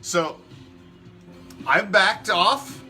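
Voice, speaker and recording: A man's voice: sits high, very slow, bright, forceful tone, faint music behind. A man hosting a fan sports show, ranting emphatically and swearing a lot. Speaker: fan podcast host. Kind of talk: opinionated sports talk rant.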